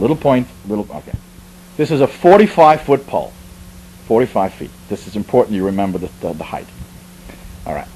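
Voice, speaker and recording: His voice on the low side and slightly rough, the Bronx man spins his comic army-training story through poor audio. He keeps it animated and conversational, stopping for asides and restarting often.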